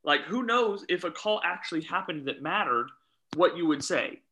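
A man chatting casually, telling animated stories about refereeing youth soccer and quoting the people involved. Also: a little high, moderate pace, poor audio. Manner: animated storyteller, quotes himself and others. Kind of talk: casual chat, storytelling.

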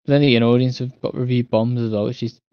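Quick-talking, blunt male podcast co-host. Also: mid-range voice, fairly even intonation, smooth, no echo, muffled recording. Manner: blunt, dismissive remarks. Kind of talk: casual chat.

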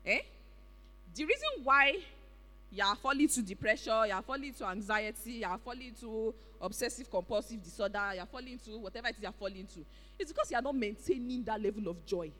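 A preacher with a Nigerian accent delivering an animated, exclamatory sermon in a church hall. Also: medium pitch, quick pace. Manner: animated, exclamatory, with pidgin interjections. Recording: reverberant hall.

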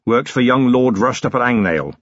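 A wheezy, sly pub landlord and former copper, put on by a male narrator, who grumbles in a coarse voice. The voice is husky and lively, recorded dry on a close mic, and the audiobook sounds slightly dull. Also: medium pitch, normal speed, no echo, natural voice. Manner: coarse, grumbling working-class talk. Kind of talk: audiobook character reading.

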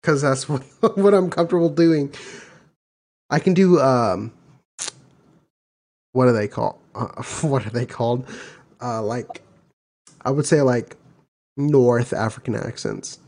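A man's voice: medium pitch, unhurried, long pauses, darkish tone. A young man co-hosting a podcast in loose, slangy casual chat, laughing often. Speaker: podcast co-host.

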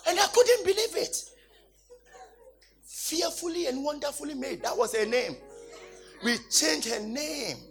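Animated, gravelly preacher man. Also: extremely high pitch, measured pace, pauses often, faint music behind. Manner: laughing, exclaiming, dramatic retelling. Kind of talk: animated sermon storytelling.

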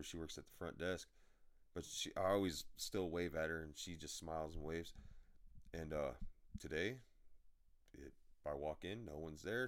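A man hosting a podcast, telling rambling, profane delivery-driver stories in a blunt, casual way. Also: sits low. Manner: profane, blunt storytelling with frequent filler. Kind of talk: rambling anecdotal podcast chat.

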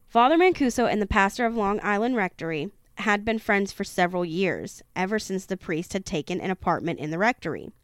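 Smooth-voiced woman reading a horror book. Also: medium pitch, dry recording, clean studio sound. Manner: steady storytelling with occasional stumbles and self-corrections. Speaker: reader of a true-haunting book.

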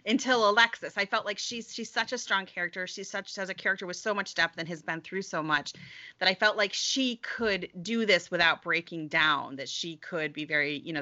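A woman's voice: fairly low pitch, steady tone, normal speed, bright, forceful tone, muffled recording. A middle-aged woman author being interviewed, chatting casually, laughing often and restarting her sentences. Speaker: author guest.

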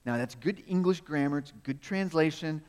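A man's voice: fairly high pitch, moderate pace, a little mellow, clean tone. A man preaching a sermon in a conversational, storytelling way, asking rhetorical questions and chuckling as he goes. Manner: chuckles often while speaking. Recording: long reverb of a large hall.

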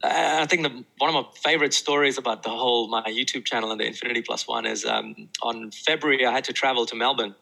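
A New man, a maths teacher, talking through his stories in an easygoing interview. His voice is gravelly with a bright, forward edge. He often stops and restarts his sentences as he goes. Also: medium pitch, fast, hardly any pauses, rough recording. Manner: animated anecdotes with many restarts. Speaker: maths teacher and tutoring YouTuber. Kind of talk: casual storytelling interview.

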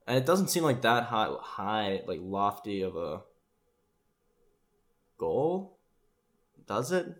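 Rambling, sarcastic man with a low voice. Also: sing-song, takes it slowly. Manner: rambling, sarcastic, swears freely. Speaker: commentator. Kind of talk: casual reaction commentary.

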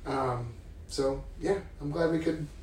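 A man's voice: a little high, takes it slowly, a little mellow, distant mic. A man co-hosting a podcast with his partner, talking candidly and casually, laughing and swearing freely. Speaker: podcast co-host. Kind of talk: casual couple chat. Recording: roomy echo from off-mic, faint noise.

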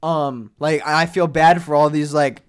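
A young man co-hosting a casual podcast chat, rambling through stories with lots of fillers and sudden drops and rises in loudness. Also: fairly high pitch, steady tone, a little slow, clean tone. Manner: rambling, filler-heavy storytelling with big swings in loudness. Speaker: podcast co-host.

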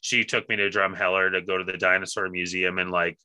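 A man's voice: low voice, flat delivery, fairly quick, bright, forceful tone, clear, resonant tone, dry recording. A man in his thirties co-hosting a podcast, talking in a laid-back way, laughing often and swearing casually. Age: 30s. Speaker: podcast co-host.

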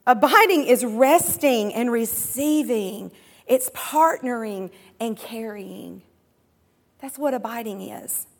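A high-pitched woman preaches, her voice sitting well above the usual. She drives her points with call-and-response cries and slips into the voices of imagined believers and coworkers. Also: big-room sound. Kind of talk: sermon.

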